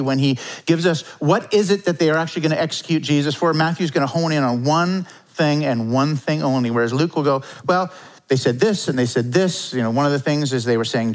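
Conversational pastor giving a sermon. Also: male voice, mid-range voice, rough recording. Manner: conversational, hedging with "like" and "kinda".

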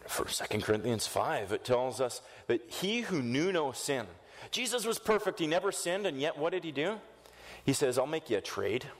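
Animated preacher in an echoing hall. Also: male voice, a little high, normal speed. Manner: animated storytelling with voiced quotes. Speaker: pastor. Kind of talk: sermon. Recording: echoey hall reverb.

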